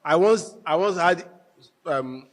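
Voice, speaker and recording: A man giving a marriage workshop talk to a live audience, telling stories with animated, emphatic repetition. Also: on the high side, slow. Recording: echoey hall with long reverb.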